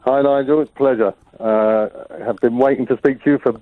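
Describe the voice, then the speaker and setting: A man's voice: medium pitch, fairly even intonation, a little fast, no room sound. A man in his fifties calling in to a radio show, talking eagerly and rambling. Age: 50s. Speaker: caller. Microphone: telephone. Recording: tinny phone line.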